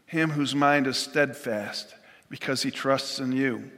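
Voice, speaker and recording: Bright-voiced male preacher in a reverberant hall. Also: medium pitch, steady tone. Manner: earnest, measured preaching with scripture quotes and small restarts. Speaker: pastor. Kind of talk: sermon.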